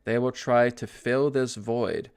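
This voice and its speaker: Man, gravelly voice, spiritual teacher, slow soothing guided talk, breathing exercises. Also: medium pitch, fairly even intonation, darkish tone. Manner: slow, soothing, repeats "right?" and "okay?". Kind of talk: guided self-help talk.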